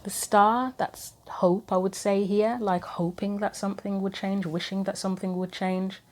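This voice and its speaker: A woman giving a casual tarot reading to camera, thinking aloud with frequent pauses, earnest and gently sympathetic. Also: medium pitch, flat delivery. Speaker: tarot reader.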